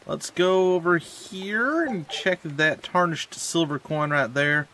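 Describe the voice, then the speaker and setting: A man's voice: fairly high pitch, takes it slowly, sharp tone, a little hiss or hum. A man hosting a let's play, chatting casually in a rambling, jokey way at a desk mic at home. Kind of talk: casual gameplay commentary.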